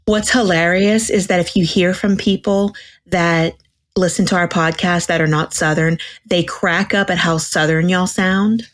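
A woman co-hosting a podcast, chatting in a giggly, playful and quick way. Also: fairly low pitch, fairly even intonation. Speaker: podcast co-host. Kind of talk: casual chat.

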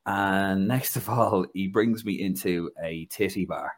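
A man with a Dublin Irish accent hosting a casual football podcast, telling stories with laughter and a chatty, animated manner. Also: low voice, a little slow. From Ireland. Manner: chatty storyteller, laughs through anecdotes. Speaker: podcast host.

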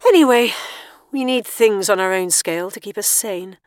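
A woman's voice: sits low, very animated, a little fast, no echo, clean studio sound. A woman reading an audiobook, voicing a clever, wry woman who lectures and prods insistently. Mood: pointed, prodding.

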